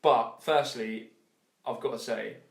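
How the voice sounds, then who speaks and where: A man hosting a podcast in relaxed casual chat, swearing casually and filling pauses with um. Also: medium pitch, creaky. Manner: laid-back, swears casually, hesitant fillers. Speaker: podcast host. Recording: echoey room.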